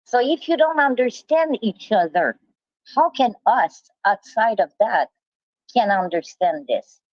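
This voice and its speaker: A woman's voice: a little high, animated, no echo. Mad woman ranting, lots of restarts, dry dull lo-fi sound. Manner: angry, halting, restarts and insults. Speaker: livestreamer. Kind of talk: heated ranting monologue.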